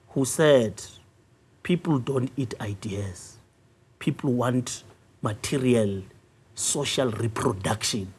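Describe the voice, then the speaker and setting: A South African man, a youth league official, arguing his case in a news interview, assertive and clearing his throat often. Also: a little mellow. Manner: assertive, rises in pitch when pressing a point, frequent throat clearing. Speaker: youth league secretary general, interview guest. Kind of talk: political interview, argumentative.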